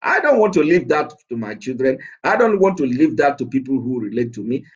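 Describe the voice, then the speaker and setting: A man's voice: mid-range voice, big pitch swings, fairly quick, dull audio. A man preaching with passion, emphatic and defiant, hammering his points through repetition. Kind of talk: impassioned political preaching.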